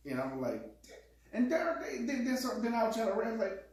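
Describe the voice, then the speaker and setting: A man in casual chat with his partner, telling animated stories and acting out quotes with laughs. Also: extremely high pitch, normal speed. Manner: animated, laughing storyteller who acts out quotes. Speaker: co-host. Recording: echoey room, distant mic.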